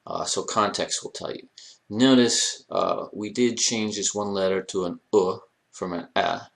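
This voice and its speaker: Male instructor, lowish voice, playful lecturing, addresses the class, bursts of rising emphasis. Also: measured pace, gravelly. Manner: jokey, addresses students directly, animated emphasis. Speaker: Arabic language instructor.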